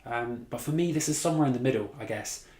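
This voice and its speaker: A man's voice: mid-range voice, fast talker, darkish tone. Sweary exasperated man ranting in echoey room. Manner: blunt, sweary, exasperated, laughs at his own mockery. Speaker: movie reviewer. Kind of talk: casual ranting movie review.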